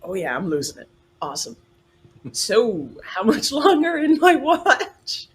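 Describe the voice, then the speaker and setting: A woman with a strongly husky, breathy voice plays a tabletop game, joking and swearing as she goes. Her pitch swings widely while her pace stays slow. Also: big pitch swings, low-quality recording. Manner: joking, swears, laughs easily. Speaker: player. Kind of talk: casual tabletop role-play.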